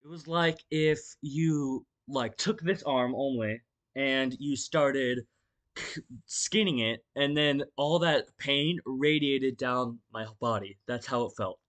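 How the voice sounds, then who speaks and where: Speaking slowly, a young man with a medium-pitched, fairly bright voice narrates a storytime vlog. His telling is loose and rambling, packed with fillers, restarts and swearing, and he acts the events out with gestures.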